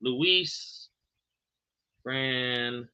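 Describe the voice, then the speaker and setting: A man's voice: mid-range voice, extremely slow, sharp tone, clean tone, lo-fi sound. A man hosting a live podcast, answering viewer chat in a loose, profane way and calling everyone bro and brother. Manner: fumbles unfamiliar names. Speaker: podcast host.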